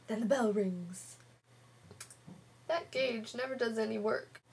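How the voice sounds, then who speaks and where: A woman's voice: a little high, takes it slowly, husky. A teenage girl, chatting sarcastically in a home vlog with a sore throat. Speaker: vlogger. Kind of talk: casual vlog chat, retelling a comic.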